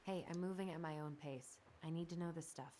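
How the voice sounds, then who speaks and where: A woman's voice: low voice, a little fast, warm tone, natural voice. A woman playing a curious, teasing young woman. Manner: teasing, inquisitive. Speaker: game character. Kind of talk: video game dialogue.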